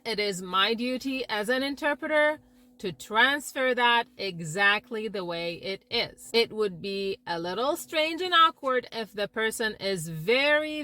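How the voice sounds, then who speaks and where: A woman's voice: mid-range voice, no echo. A woman who works as an interpreter gives an educational talk to camera, changing her tone to show her points. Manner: expressive, shifts tone to illustrate points. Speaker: interpreter and language teacher.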